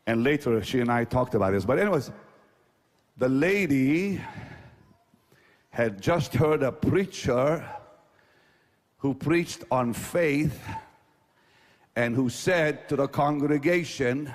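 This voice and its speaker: A man's voice: medium pitch, expressive, slow pace, long pauses, in a large hall. A man preaching a sermon, telling a story in an emphatic, dramatic way and repeating himself for effect.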